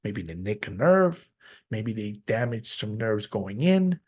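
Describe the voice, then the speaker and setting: Low husky-voiced man, candid podcast talk. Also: very animated, darkish tone. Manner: open, reflective, halting with restarts. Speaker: podcast host. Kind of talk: candid personal monologue.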